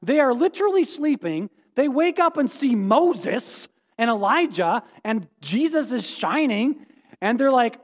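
A pastor preaching a sermon in a church, animated and playful, often quizzing the congregation, with echoey hall reverb. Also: male voice, very high-pitched, measured pace. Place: church sanctuary.

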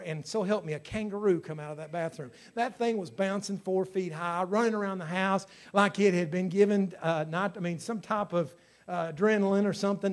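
A man, preaching a sermon, swinging from loud exhortation to hushed storytelling. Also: high-pitched. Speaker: pastor.

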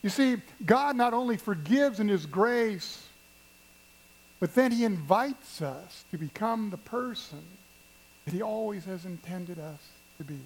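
A pastor preaching a sermon at a church service, telling stories and addressing the congregation with emphasis. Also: male voice, high voice, expressive, a little slow, poor audio. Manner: storytelling, emphatic, speaks to the congregation.

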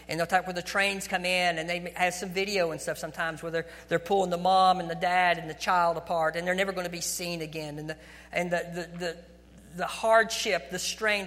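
A male pastor with a high, bright and forceful voice delivers a sermon, talking it through casually and stumbling over restarts. His words ring out with a long reverb, as in a large sanctuary. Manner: conversational preaching with frequent restarts.

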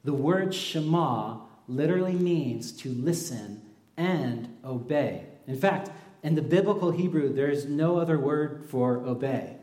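A man's voice: fairly high pitch, unhurried. Conversational preacher man, roomy hall. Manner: conversational, animated storytelling with quoted voices. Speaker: pastor. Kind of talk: sermon.

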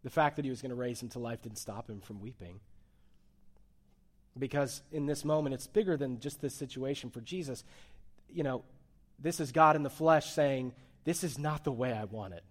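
A man's voice: medium pitch, normal speed, long pauses. Man preaching in a conversational sermon. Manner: conversational preaching, swings between soft and emphatic. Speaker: pastor.

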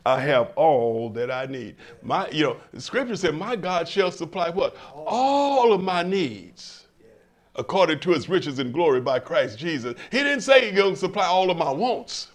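An older man preaches to a congregation in a church, his voice a little high and sing-song at a normal speed. He stammers and restarts, builds to emphatic swells, and throws out call-and-response questions.

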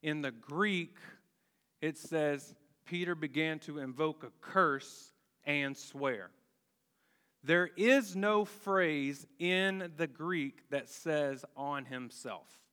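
Male pastor, slow emphatic sermon, bright tone, long hall echo. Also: fairly high pitch, clear, resonant tone. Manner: deliberate, emphatic preaching with dramatic pauses and rhetorical questions.

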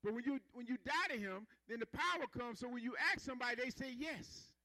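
A man's voice: very high-pitched, brisk, bright, forceful tone, no room sound, low-quality recording. A man preaching a sermon in a conversational style, calling for responses from the congregation and building rhythmic emphasis.

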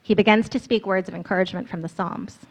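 A woman's voice: mid-range voice, steady tone, quick pace, lo-fi sound. A woman narrating a guided scripture meditation in the second person, in an earnest, storytelling manner.

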